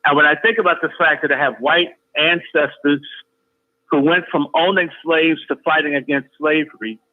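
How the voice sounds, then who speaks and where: A man's voice: fairly high pitch, steady tone, moderate pace. Emphatic man on a tinny phone line. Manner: emphatic, repeats phrases forcefully. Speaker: guest. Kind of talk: heated call-in talk. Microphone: phone call.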